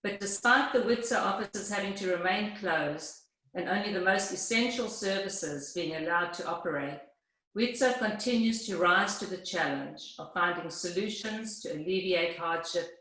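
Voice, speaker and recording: A woman's voice: on the low side, sharp tone. Woman reading an introduction, heavy echo. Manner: formal, read-aloud delivery. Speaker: event host. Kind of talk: scripted speaker introduction.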